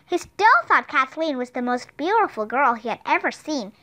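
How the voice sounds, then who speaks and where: Bright, expressive woman reading a storybook. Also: high voice, normal speed. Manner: expressive, clear read-aloud. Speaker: audiobook reader. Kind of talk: storybook narration.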